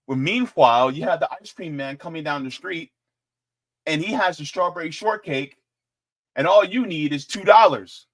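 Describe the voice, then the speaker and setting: A man's voice: on the high side, moderate pace. A man hosting casual political commentary, joking and talking straight to his viewers. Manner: joking, animated, talks to viewers directly.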